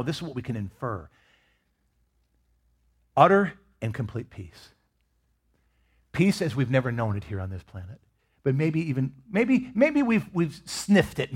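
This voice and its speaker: Preaching as a pastor, this man has a husky, medium-pitched voice. He's expressive, swinging from loud emphasis to hushed lines that are almost whispered.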